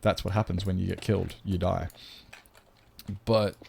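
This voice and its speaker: Australian man, deep voice with vocal fry, casual joking game-stream chat, rambling, swearing. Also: level tone, moderate pace, a little mellow, a little hiss or hum.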